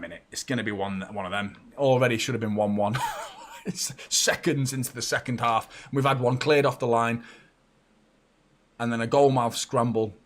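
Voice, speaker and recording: Male watchalong host, young adult, sweary, swings from shouting to mumbling. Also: brisk, a little hiss or hum. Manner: excitable and sweary, jumping from shouts to low muttering. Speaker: football fan channel host. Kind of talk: live match watchalong commentary.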